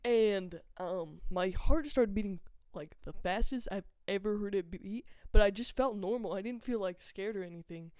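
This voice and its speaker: A man co-hosting a podcast, telling stories in an offhand, deadpan casual way. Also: high-pitched, moderate pace, few pauses, clean tone, no echo, studio quality. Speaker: podcast co-host. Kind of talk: casual chat.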